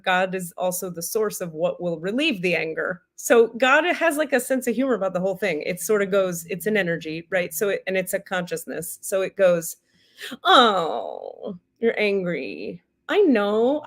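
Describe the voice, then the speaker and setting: Animated, profane woman telling a story. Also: medium pitch. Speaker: spiritual teacher hosting a livestream. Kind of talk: comedic spiritual storytelling.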